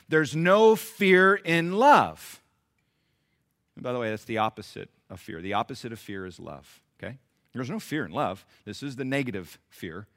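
A man preaching a sermon in a church, animated, swinging from loud emphasis to quiet asides. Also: mid-range voice. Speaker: pastor.

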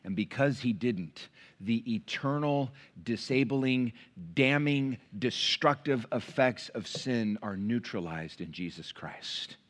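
Taking it slowly in a mid-range voice, a male pastor preaches a sermon from the pulpit of a church sanctuary. His stories are animated, with him acting out the voices of those involved, picked up by a pulpit mic.

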